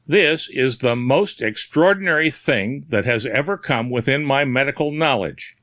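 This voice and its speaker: A man's voice: mid-range voice, lively intonation, normal speed, fairly bright tone, no echo, pitched above the performer's own voice, lightly acted. A man voicing a puzzled, brusque middle-aged doctor in a storybook reading. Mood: grave.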